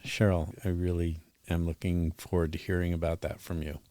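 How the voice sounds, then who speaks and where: A man's voice: low-pitched, little pitch movement, brisk, mellow. A man hosting a podcast interview, encouraging and affirming his guest. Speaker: podcast host.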